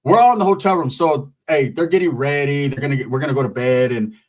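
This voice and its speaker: A man's voice: mid-range voice, fast. A man telling a profane, rambling comic story. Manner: profane, rambling, animated with voices. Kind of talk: comedic storytelling.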